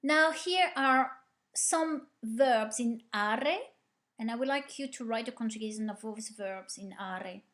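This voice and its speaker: A woman leads a verb drill at an unhurried, careful pace. Her voice sits a little high, and she stops to ask the class questions and praise the answers. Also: a bit bright. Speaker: language teacher. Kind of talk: slow, clear conjugation drill with explanations.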